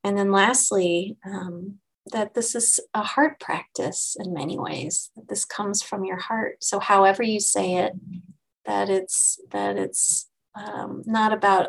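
A woman meditation teacher giving a dharma talk to her group, gentle and unhurried, pausing and restarting often. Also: medium pitch, fairly even intonation, creaky, slightly rough, rough recording.

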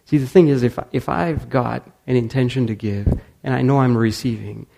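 A man giving a storytelling talk to a meditation community, lively and quick to act out the people in his stories. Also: medium pitch, gravelly. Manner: animated storyteller who acts out dialogue and laughs often.

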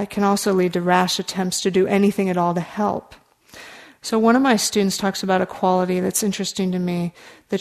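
A female meditation teacher delivers a dharma talk to her students in a voice of ordinary pitch. She speaks earnestly and conversationally, lingering on easy fillers and occasionally slipping into a soft aside.

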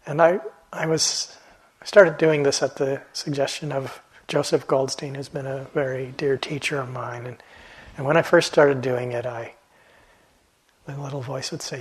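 A man teaching meditation in a gentle, reflective dharma talk, halting often and letting phrases trail off softly. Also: medium pitch, steady tone, slightly rough, poor audio. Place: meditation hall.

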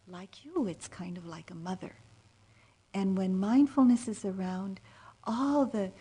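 A woman meditation teacher giving a dharma talk in a low, warm voice. Her tone is breathy and soft-spoken, sometimes sinking almost to a whisper. She is gentle and unhurried, and her speech is full of small fillers. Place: meditation retreat center.

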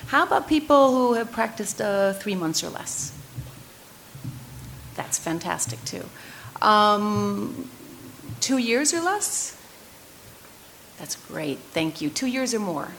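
A woman's voice: medium pitch, big pitch swings, gravelly, a bit bright, a little hiss or hum, poor audio. Upbeat woman leading a workshop. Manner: upbeat, polls the audience with quick questions. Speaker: mindfulness workshop leader. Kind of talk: workshop teaching and story reading. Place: meditation center workshop room.

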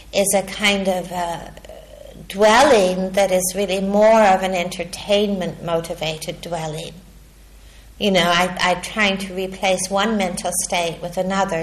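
A woman meditation teacher giving a dharma talk in a measured, reflective way, pausing often and checking in with a questioning "hmm?". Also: medium pitch.

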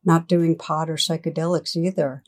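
A woman's voice: deep voice, little pitch movement, normal speed, lightly acted. A woman voicing an earnest, health-careful man answering his doctor in a story she tells.

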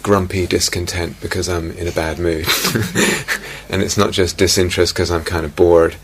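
Male meditation teacher, deep voice with some fry, reflective dharma talk, faint hum on the recording. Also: level tone. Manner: slow, reflective, repeats phrases softly. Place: retreat meditation hall.

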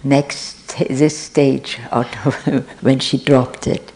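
An older woman, teaching at a meditation retreat, speaking in slow, halting phrases. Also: very deep voice, flat delivery, darkish tone. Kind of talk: retreat talk.

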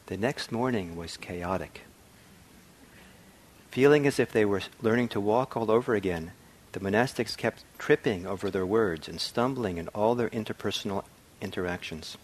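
Soft-spoken man with a low voice. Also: normal speed. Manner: soft-spoken, reflective, with frequent ums and restarts. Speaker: meditation teacher. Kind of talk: dharma talk. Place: meditation hall.

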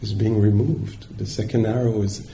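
A man's voice: on the low side, little pitch movement, normal speed, dark tone, slight background noise. A man giving a dharma talk as a meditation teacher, searching for words and checking in with his listeners.

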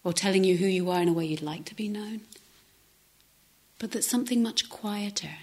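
Soft, breathy woman teacher. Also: mid-range voice. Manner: soft, halting, often dropping to a near-whisper. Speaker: meditation teacher. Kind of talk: reflective dharma talk.

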